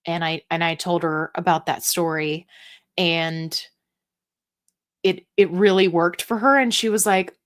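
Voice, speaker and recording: A woman's voice: fairly low pitch, fairly even intonation. Chatty woman hosting a live Q&A. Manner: chatty and upbeat, with playful asides and quick fillers. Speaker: host of a live Q&A stream. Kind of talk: casual live-stream chat, reading viewer comments.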